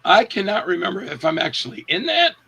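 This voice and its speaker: A man's voice: high voice, a little fast, creaky, husky. A man, an actor being interviewed, telling set stories in a casual way and acting out the quotes with a raised voice. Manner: animated, acts out quotes with raised voice. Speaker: actor guest.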